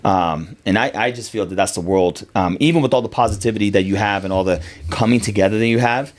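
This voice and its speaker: A man's voice: on the low side, quick pace. A man who coaches fitness and owns a gym, talking reflectively in a casual podcast conversation and often tagging his points with "right?". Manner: reflective, tags statements with "right?".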